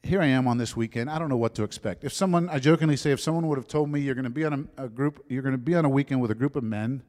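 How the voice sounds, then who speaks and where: A man in his fifties telling his conversion story as a sermon testimony, shifting from lively storytelling to soft, hushed moments. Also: mid-range voice, rapid-fire. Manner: storytelling, drops to soft whispers at emotional moments. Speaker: preacher giving a testimony. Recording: long hall reverb.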